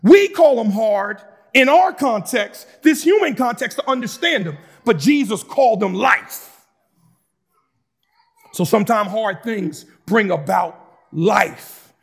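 A man preaching a sermon, moving between calm explanation and fervent shouting with casual asides to the congregation. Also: sits high, slow, gravelly, breathy edge. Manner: shouts and preaches with rising intensity, conversational asides. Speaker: pastor.

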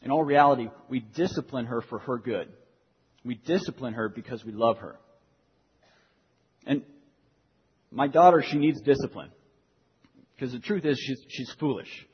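Young pastor preaching in a reverberant hall. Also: male voice, medium pitch, moderate pace, long pauses, breathy edge. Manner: earnest, repeats key phrases for emphasis. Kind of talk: sermon. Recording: dull lo-fi sound in a reverberant hall.

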